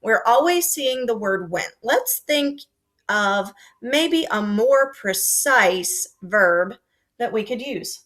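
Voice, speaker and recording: Lady teacher doing a lesson for little kids, slow and clear, bright voice, acts out her examples. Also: fairly high pitch. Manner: slow, clear and expressive, acting out example sentences. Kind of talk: remote lesson for young children.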